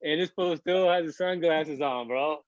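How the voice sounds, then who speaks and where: A man's voice: fairly high pitch, moderate pace, dry recording. A man in his thirties, a podcast guest, telling a long story casually, rambling and swearing with lots of filler words. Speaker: podcast guest, basketball player. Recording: dull, dry lo-fi sound.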